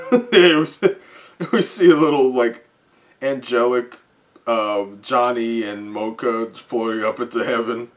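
A man reading a comic live and reacting as he goes, often chuckling and halting with fillers. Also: medium pitch. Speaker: comic reviewer.

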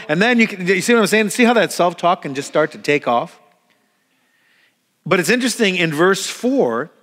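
Conversational pastor preaching in a reverberant hall. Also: male voice, on the high side, fairly bright tone. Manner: conversational, repeats words, acts out quoted prayers. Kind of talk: sermon. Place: church hall. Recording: long reverb of a church hall.

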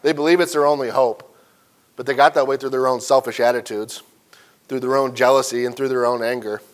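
A man's voice: mid-range voice, steady tone, a little fast. A man from central Illinois teaching a church Sunday school lesson, telling folksy stories and asking the class questions. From central Illinois, USA.

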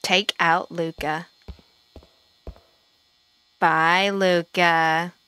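A woman giving playful, excitable commentary over her video game playthrough. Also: on the low side, very slow, clear, resonant tone, no echo. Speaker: gameplay streamer. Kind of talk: casual gameplay commentary.

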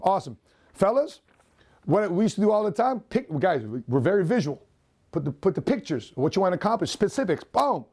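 A man giving an energetic motivational talk to camera, firing off rhetorical questions. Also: sits high, a little fast, breathy edge. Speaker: entrepreneur and motivational speaker.

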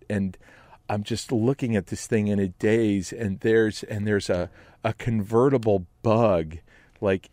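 A man telling a personal story with dramatic flair, swinging between hushed narration and loud outbursts. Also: lowish voice, dry recording. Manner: animated, shifts between hushed and shouting. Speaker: storyteller guest. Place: Los Angeles.

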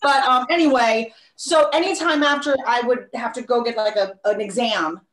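A woman's voice: fairly high pitch, moderate pace, a bit bright, a little hiss or hum. A woman on a panel, telling a story casually with a wry, joking manner. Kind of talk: casual chat. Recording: roomy echo.

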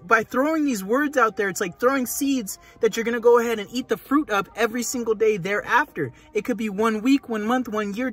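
A man's voice: high-pitched, sharp tone, husky. A young man hosting an advice video, reading a post aloud and answering it with a fired-up motivational pep talk, calling the listener brother and man. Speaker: host. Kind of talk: reading and reacting to a forum post.

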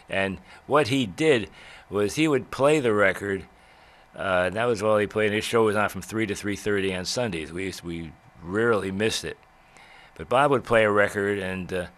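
A man's voice: deep voice, fairly bright tone. Older man rambling through radio memories. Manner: rambling storyteller with many uhs and restarts. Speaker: radio veteran telling memories. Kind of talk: reminiscing talk.

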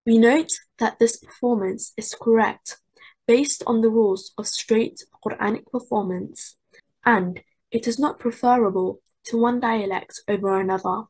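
A woman presenting a scripted lecture in a measured reading voice, chanting Arabic example words aloud as demonstrations. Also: fairly high pitch, fairly even intonation, a little mellow, breathy edge, poor audio. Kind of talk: scripted lesson narration.

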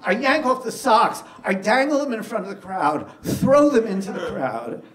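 A man telling a personal story with animated, self-deprecating delivery, acting out the scenes. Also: high-pitched, moderate pace, recorded from a distance. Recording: echoey room with clear background noise.

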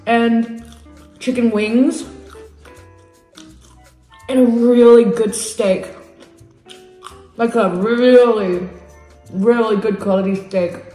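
A young woman vlogs casually to camera at home in small rooms, bubbly and chatty with playful asides. Her fairly high voice has a dark tone and fairly even intonation, very slow with frequent pauses, in an echoey home room with music.

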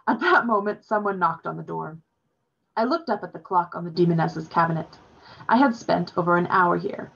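A woman teacher reading a novel aloud in a steady, expressive storytelling way. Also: fairly low pitch, a little fast, vocal fry. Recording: dull lo-fi recording.

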